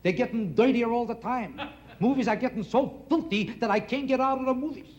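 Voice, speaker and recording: A man doing stand-up with a heavy New York Yiddish-inflected accent and a deadpan, complaining delivery. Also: extremely high pitch, fairly quick, highs cut off. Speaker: stand-up comedian. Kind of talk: stand-up comedy set. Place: television studio stage. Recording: loud audience laughter, noisy stage.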